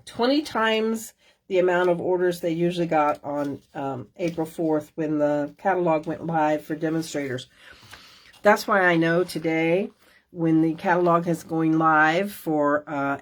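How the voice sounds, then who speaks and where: A middle-aged woman hosting a crafting class, talking casually and folksily with many fillers and asides. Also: fairly low pitch. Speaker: stamping demonstrator hosting a class. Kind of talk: casual craft show-and-tell.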